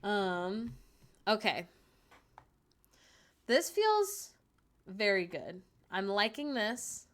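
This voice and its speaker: A woman's voice: mid-range voice, very animated, drawn-out words, long pauses, a bit bright. A young woman chatting casually on a livestream from home, joking and laughing often at herself. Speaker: streamer. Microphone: desk microphone.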